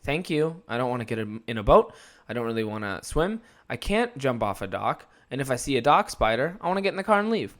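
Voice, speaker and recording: A man's voice: mid-range voice, very animated, fast talker. A young man hosting his own podcast, telling a rambling story in a casual, profane way and laughing often. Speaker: podcast host.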